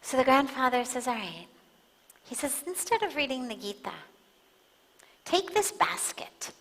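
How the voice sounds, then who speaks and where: A woman gives a spiritual talk in a calm, measured way, letting pauses carry her points. Her voice sits a little high, and it rings with the long reverb of a large hall. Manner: calm, measured, pausing for emphasis. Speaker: spiritual teacher.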